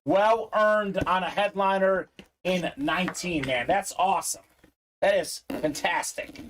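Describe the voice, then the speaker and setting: A man's voice: high voice, unhurried, a bit bright, a little hiss or hum. A man hosting a live sports memorabilia break, chatting upbeat with viewers, reading their comments aloud and peppering his talk with "uh".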